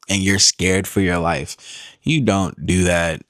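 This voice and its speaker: A man's voice: low-pitched, unhurried, no echo, studio quality. A man giving blunt, accusing reaction commentary on a video clip, calling out what he sees as lies. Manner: blunt, accusing, repeats "she's lying". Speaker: commentary host.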